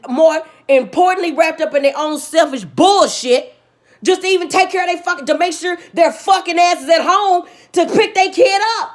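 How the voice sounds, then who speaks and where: Heavy on profanity, a vlogger woman rants with strong feeling and a preachy edge, pressing her points through repetition. Loud outbursts give way to low, subdued stretches and back again.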